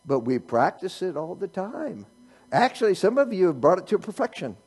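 Preacher guy, kinda husky, high voice bouncing all over, joking with the congregation. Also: moderate pace. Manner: animated preaching, rhetorical questions, teasing humor. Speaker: pastor. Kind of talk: sermon.

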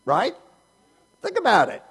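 A man's voice: extremely high pitch, huge pitch swings, unhurried, vocal fry, fairly bright tone, husky. A male pastor preaching a sermon, asking the congregation rhetorical questions and teasing them with humor.

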